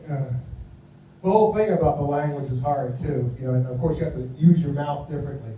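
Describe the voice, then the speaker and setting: A man's voice: fairly high pitch, brisk, dark tone. An American man in his fifties doing a rambling stand-up comedy set, with a mumbling delivery. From United States. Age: 50s. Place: live comedy venue. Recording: very echoey room, voice from far off, faint noise.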